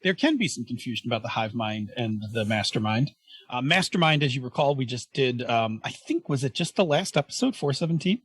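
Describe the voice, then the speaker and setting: A man co-hosting a gaming podcast in casual chat, excitable and rambling, with many fillers and restarts. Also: medium pitch, a little fast, breathy edge, no echo. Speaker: podcast co-host.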